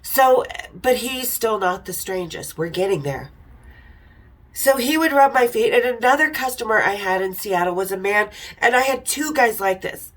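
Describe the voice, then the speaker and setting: A woman's voice: on the high side, lively intonation, normal speed, fairly bright tone, rough recording. A middle-aged woman telling frank, irreverent stories in a casual chat, now and then laughing. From Utah. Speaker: podcast host telling stories. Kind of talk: casual storytelling.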